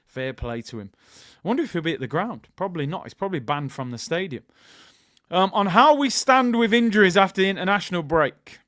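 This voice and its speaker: A young man hosts a football channel live stream, chatting casually in animated, jokey, slangy banter with put-on voices. His voice is high and brisk. The studio sound is clean, with no echo.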